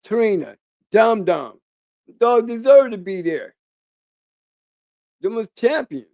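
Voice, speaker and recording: A man with a notably high speaking voice, talking in a loose, rambling monologue as a channel host. He stresses his points by repeating words and restarting sentences. The sound is dry and close, with no room echo. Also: big pitch swings, slow, mellow. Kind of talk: casual monologue.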